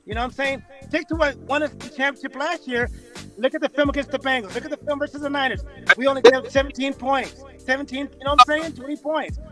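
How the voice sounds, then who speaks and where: A man from California, a Rams fan, chatting in a casual sports talk show, animated and laughing often. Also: very high-pitched, fast, over music, rough recording. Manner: animated, laughing, repeats himself.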